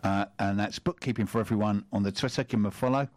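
A man's voice: on the low side, quick pace, darkish tone, no echo. Dry, teasing man radio co-host. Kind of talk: casual radio chat.

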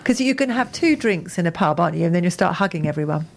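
A woman's voice: fairly low pitch, expressive, fast talker, vocal fry. Chatty woman co-hosting radio. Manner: chatty, self-mocking. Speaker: radio co-host. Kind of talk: casual radio chat.

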